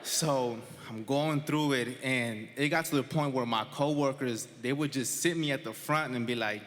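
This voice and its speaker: A man in his twenties telling a true story live on stage to an audience, conversational and animated, laughing between lines. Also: mid-range voice, normal speed, hardly any pauses. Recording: live stage recording with long hall reverb.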